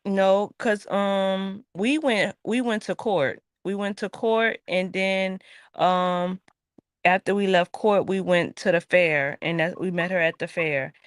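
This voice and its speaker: Animated woman telling a story. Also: mid-range voice, slow, no echo, clean studio sound. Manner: animated storyteller, acts out quotes. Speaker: podcast co-host. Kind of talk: casual late-night chat.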